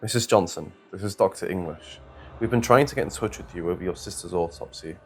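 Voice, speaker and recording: A man's voice: low voice, brisk, a little hiss or hum. A man voicing a frightened male doctor who stumbles and stutters over his words in a horror story reading. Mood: scared, strained. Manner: stuttering, strained. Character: shaken male doctor, stammering and scared.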